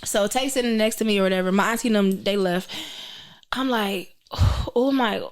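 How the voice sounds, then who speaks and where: A young woman hosting a casual podcast chat, telling stories with lively, acted-out quotes. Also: mid-range voice, normal speed. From Detroit. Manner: animated storyteller, acts out voices of relatives. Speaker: podcast host.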